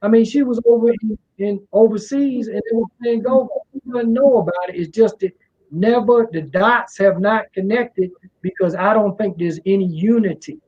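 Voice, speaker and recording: A middle-aged man from Washington, D.C. talks with a soft drawl, in a loose, rambling style full of "you know" fillers. His voice sits a little high for a man. The recording sounds muffled and dull. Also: moderate pace, slightly rough. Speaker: music promoter and guest. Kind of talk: casual interview. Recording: muffled low-fidelity sound.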